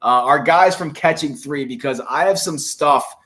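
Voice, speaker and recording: A man co-hosting a sports podcast in relaxed, casual talk. He agrees readily and drops in quick asides. His voice sits a little higher than most men's. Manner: chatty, agreeable, quick interjections.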